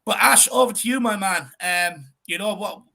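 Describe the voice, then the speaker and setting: An Irish man hosting a casual fan podcast, quick and upbeat. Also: high-pitched, creaky, pushed and bright. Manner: quick, upbeat, fills in with short mms. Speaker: host.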